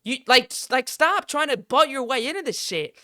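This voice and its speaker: A man's voice: very high-pitched, expressive, moderate pace, pushed and bright, dry recording, studio quality. A young man hosting a podcast, ranting in heated, frustrated casual sports commentary and swearing freely. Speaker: podcast host.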